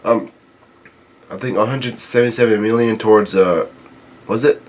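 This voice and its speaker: A man's voice: fairly low pitch, fairly even intonation, normal speed, darkish tone. A man reading a comic chapter aloud and commenting casually, often stopping to think and correct himself mid-sentence. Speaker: manga reader reacting to a new chapter. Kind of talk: casual read-along commentary.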